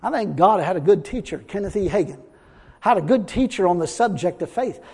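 A man's voice: high-pitched, animated, fairly quick, dark tone, breathy edge. A man preaching a sermon, emphatic, reading scripture aloud and acting out what people say. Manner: emphatic, reads scripture aloud, acts out quotes. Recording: long hall reverb.

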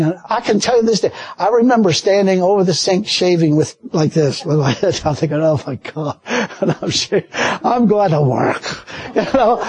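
A man preaching a sermon with folksy, animated storytelling and frequent laughter. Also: high voice, slightly rough, no room sound.

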